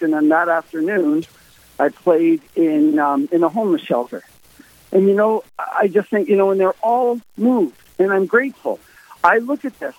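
Speaking over a tinny, dry phone line with no echo, this man has a fairly high pitch. He's a musician being interviewed as a guest, and he drives his stories home by repeating himself emphatically.

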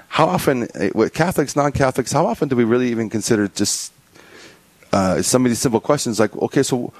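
A man's voice: on the low side, dry recording. A man hosting a Catholic talk show, leading an opening prayer and then asking questions in a loose, rambling way with many restarts. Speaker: podcast host. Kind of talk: prayer and casual discussion.

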